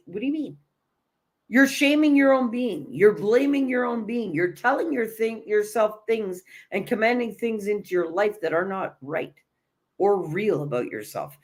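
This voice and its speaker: A woman gives a motivational spiritual talk with a mid-pitched voice. She speaks bluntly and emphatically, hammering her points through repetition and casual swearing. Her delivery stays conversational and loose, full of restarts. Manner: conversational, with frequent restarts and fillers. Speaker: energy and self-love coach.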